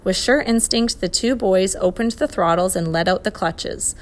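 A woman reading a children's adventure story aloud, expressive and lively. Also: medium pitch, normal speed. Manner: expressive, voices the characters. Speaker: narrator.

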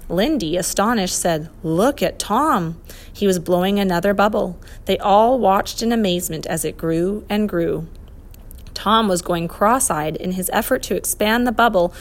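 A woman's voice: mid-range voice, moderate pace. Woman reading a children's storybook. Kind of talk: storybook read-aloud narration.

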